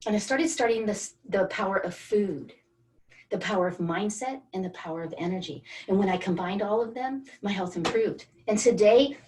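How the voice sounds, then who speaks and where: A woman's voice: medium pitch, normal speed, darkish tone, far from the mic. A woman wellness coach leading an online group through a guided energy exercise, coaxing and encouraging participants by name. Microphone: video call.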